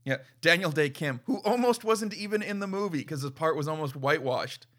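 Sarcastic bright-voiced man. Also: fairly high pitch, lively intonation, a little fast. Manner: sarcastic, profane, mocking impressions. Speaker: podcast co-host reviewing a film. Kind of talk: casual chat.

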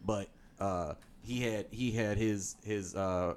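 A man in his thirties co-hosting a comedy podcast, telling stories in a halting, self-correcting way. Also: lowish voice, slight background noise. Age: 30s. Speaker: podcast co-host. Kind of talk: casual podcast chat.

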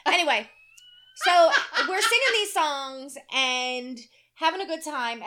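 A woman's voice: sits high, very animated, moderate pace, pushed and bright. A woman in her thirties co-hosting a casual chat, telling a brash story full of curses and acted-out quotes. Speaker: podcast co-host.

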